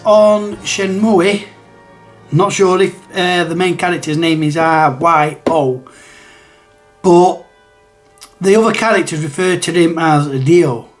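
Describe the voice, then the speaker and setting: A man's voice: fairly high pitch, takes it slowly, long pauses, faint music behind. A man hosts a retro gaming channel and talks casually to camera, rambling and hesitant, with many restarts and chuckles.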